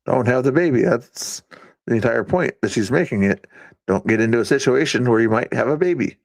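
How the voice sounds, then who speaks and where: A man's voice: mid-range voice, brisk, creaky, no room sound. A man streaming live and playfully commenting to his chat. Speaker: live streamer reacting to clips.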